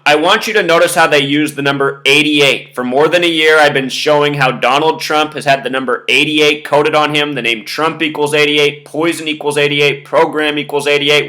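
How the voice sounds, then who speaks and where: A man's voice: a little high, bright, forceful tone. A man hosting his own video, lecturing in a monologue and counting things out step by step. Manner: lecturing, spelling out numbers step by step. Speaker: video host. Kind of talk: monologue commentary to camera.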